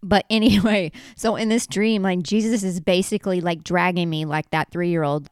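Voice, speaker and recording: Woman, lowish voice, smooth and dry close mic, earnest rambling faith testimony. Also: fairly even intonation, normal speed, hardly any pauses, no room sound. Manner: earnest, rambling, self-correcting. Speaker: Christian speaker.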